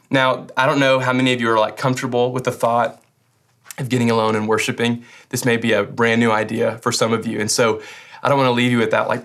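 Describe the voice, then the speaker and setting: A man preaching in an earnest, conversational way, often lifting his voice with feeling. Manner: earnest, conversational, with animated rises in pitch. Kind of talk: sermon.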